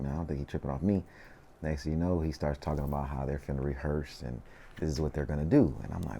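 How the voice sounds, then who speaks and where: A man's voice: extremely low pitch, fast talker, gravelly, warm tone, slight background noise. A man, a rapper telling stories in a casual interview, slangy and laid-back, often saying "you know what I mean".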